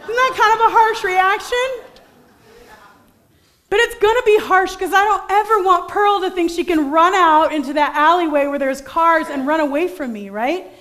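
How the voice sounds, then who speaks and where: A young woman preaching a sermon, telling a story from her own family life in a lively, animated way and acting out the voices in it. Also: very high-pitched, moderate pace, few pauses. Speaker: pastor.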